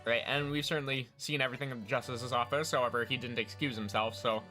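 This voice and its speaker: A man's voice: mid-range voice, fairly even intonation, fast, bright, forceful tone, soft background music. A young man casually commenting as he streams a game, joking and swearing freely. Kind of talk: let's play commentary.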